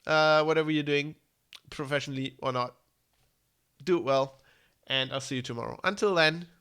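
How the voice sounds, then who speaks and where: A man with a German accent talks through the day's tech news in a loose, rambling way, full of ums and restarts. His voice is gravelly yet bright and forceful, and hay fever leaves him a little stuffed up. He is blunt and calls things out plainly. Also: medium pitch, steady tone, normal speed. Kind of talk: casual live-stream tech commentary.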